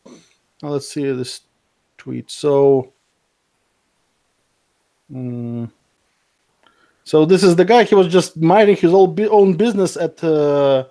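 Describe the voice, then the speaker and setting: A man's voice: fairly high pitch, slow pace, long pauses, dark tone. A man co-hosting a podcast, reading social media posts aloud with mocking asides and many fillers. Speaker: podcast co-host.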